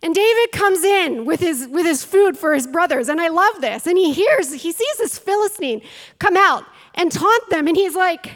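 A woman's voice: very high voice, expressive, normal speed, a bit bright. A woman preaching a sermon, telling a Bible story and acting out its voices, building to fiery challenges. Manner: storytelling, acts out quotes, rises to fiery challenges. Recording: long hall reverb.

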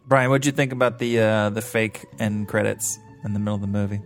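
A man's voice: on the low side, steady tone, brisk, soft background music. A man co-hosting a podcast, speaking in a laid-back way about a film. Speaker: podcast co-host. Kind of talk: casual film discussion.

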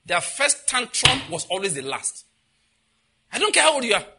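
A man preaching a sermon as pastor, animated and laughing as he acts out what others say. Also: extremely high pitch, moderate pace, slightly rough.

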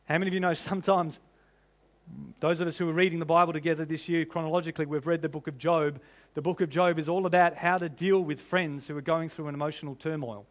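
A man with a high-pitched voice preaches a sermon to his congregation. He keeps it conversational and often asks the listeners rhetorical questions. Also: fairly even intonation, quick pace. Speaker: pastor.

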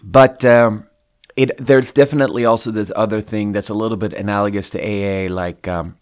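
A man from Sweden with a somewhat low voice, chatting as a podcast co-host. He talks candidly and loosely, circling back on his thoughts and swearing without much filter. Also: fairly even intonation, a little fast, clear, resonant tone. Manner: candid, rambling, swears freely. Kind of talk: casual reflective chat.

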